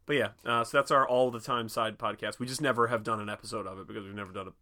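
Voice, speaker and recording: Bright-voiced joking podcast guy. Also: fairly low pitch, racing. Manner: animated, joking, swears often, laughs a lot. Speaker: podcast co-host. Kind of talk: casual chat.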